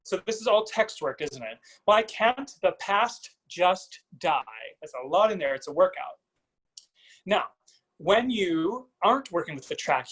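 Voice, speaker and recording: A man's voice: high voice, a bit bright, poor audio. A man giving a singer vocal coaching feedback over a video call, singing short phrases to demonstrate.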